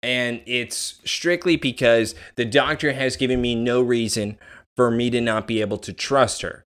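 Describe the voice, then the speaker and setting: A man co-hosts a relaxed podcast, talking through a TV episode in a plain mid-range voice. He mixes his summary with sarcastic jokes and laughs along with his partner. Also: mid-range voice, measured pace, clear, resonant tone. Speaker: podcast co-host. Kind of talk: casual TV recap chat.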